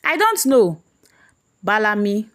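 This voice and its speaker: A woman's voice: medium pitch, very animated, takes it slowly, fairly bright tone. A woman voicing a weeping, frightened young house girl. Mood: tearful. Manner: tearful, pleading.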